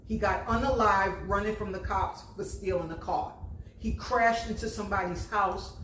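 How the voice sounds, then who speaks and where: A woman's voice: mid-range voice, moderate pace, a bit bright, slight background noise. A woman over fifty speaking bluntly and emphatically, giving life advice in a casual monologue. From New Jersey. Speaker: vlogger. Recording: echoey room with faint ambience.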